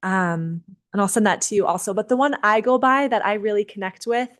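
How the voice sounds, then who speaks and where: Gentle woman closing a video-call gathering. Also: mid-range voice. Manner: gentle, unhurried, with frequent fillers and restarts. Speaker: seder leader and teacher. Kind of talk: casual talk closing a virtual gathering.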